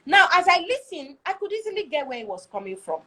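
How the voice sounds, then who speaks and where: A young woman with an extremely high, sing-song voice talks fast in a pushed, bright tone over poor audio. Appearing as a guest, she speaks earnestly about marriage in a conversational teaching style, repeatedly asking her listeners "do you see?"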